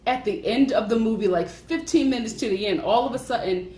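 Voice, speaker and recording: A woman's voice: a little high, brisk, mellow. A woman reviewing a film in casual chat, effusive and dramatic with playfully devout asides. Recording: echoey room, faint noise.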